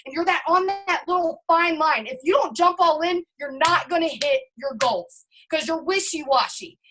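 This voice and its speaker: A woman's voice: very high voice, normal speed, fairly bright tone, slight background noise, rough recording. A woman who leads a network marketing team gives a hyped, emphatic pep talk over a video call, talking straight to her listeners.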